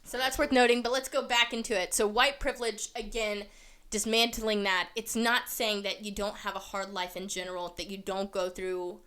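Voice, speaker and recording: A woman's voice: mid-range voice, little pitch movement, moderate pace, fairly bright tone, clear, resonant tone. A woman hosting a podcast, explaining her views in an earnest, casual way with plenty of fillers. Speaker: podcast host. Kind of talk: casual commentary.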